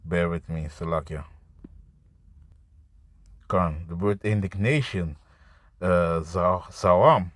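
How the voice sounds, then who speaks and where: A man with a lowish voice preaches off the cuff, reading verses aloud. He stalls and repeats words, then drives on with "man" and "you see." The sound is dry and close, with no room around it. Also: dry recording. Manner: repetitive and halting, restarts words, frequent "man" and "you see". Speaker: street-style preacher. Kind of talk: improvised scripture sermon to camera.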